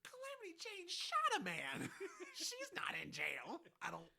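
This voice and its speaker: A man hosting a casual film podcast, animated, laughing often and swearing freely. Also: very high-pitched, a little slow, creaky. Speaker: podcast host.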